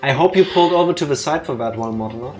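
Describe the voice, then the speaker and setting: A man's voice: medium pitch, lively intonation, darkish tone, faint music behind. A man co-hosting a let's play, chatting casually and reading game dialogue aloud with a playful, punning manner. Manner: playful, punning, quick asides.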